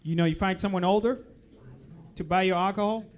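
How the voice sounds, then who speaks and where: A young man from Uganda, speaking, performs stand-up in a comedy club. His voice sits fairly high, and he is chatty and playful, slipping into low asides. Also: steady tone, fairly quick, noisy background.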